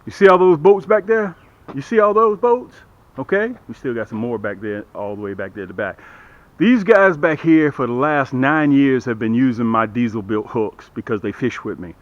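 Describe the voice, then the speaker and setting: A middle-aged man casually demonstrating and selling fishing hooks to the camera, talking in a repetitive, lively salesman patter and calling viewers "guys". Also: mid-range voice, normal speed, highs cut off. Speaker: fishing gear seller and channel host. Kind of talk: casual product demo to camera.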